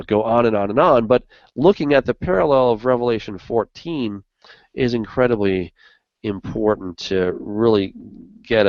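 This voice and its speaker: A man's voice: lowish voice, dry recording. A man co-hosting a Bible study show in casual discussion, talking earnestly with lots of "you know" fillers. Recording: dull lo-fi dry recording.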